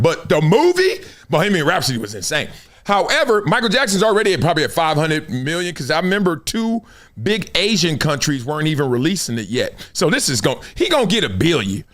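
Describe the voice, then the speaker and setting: A middle-aged man hosting a live sports and culture stream, talking in loose slang with loud bursts and low asides. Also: normal speed. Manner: animated, slangy, jumps between loud bursts and low mutters. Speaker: show host.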